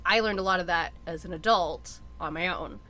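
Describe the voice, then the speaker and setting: A woman's voice: fairly low pitch, normal speed, pushed and bright. A woman from Canada chatting casually, emphatic and profane, with lots of "like" fillers. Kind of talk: casual chat.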